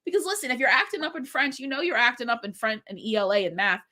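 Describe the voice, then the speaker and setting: A woman's voice: fairly high pitch, fast, pushed and bright. A woman in her forties, a middle school French teacher, chatting casually from home on a stream with a congested voice, rambling through stories with lots of fillers. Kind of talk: casual livestream chat during writing sprint.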